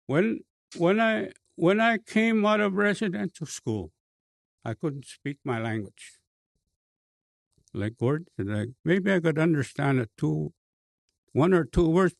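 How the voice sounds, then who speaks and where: A man with a Cree accent, a bishop telling a personal story in a slow, halting way with many fillers and restarts. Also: fairly high pitch, gravelly, no room sound. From Canada.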